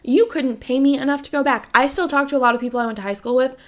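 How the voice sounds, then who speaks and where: A woman's voice: sits high, fast. A woman in her twenties hosting a podcast, talking frankly about her own life, with many "like" fillers and free swearing. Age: 20s. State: has the hiccups. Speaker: podcast host. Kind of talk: candid personal monologue.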